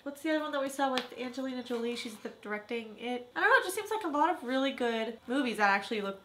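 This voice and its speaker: Lively bright young woman co-host. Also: fairly high pitch, racing. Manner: animated, protests and laughs at her co-host. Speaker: co-host of a trailer reaction channel. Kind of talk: casual chat.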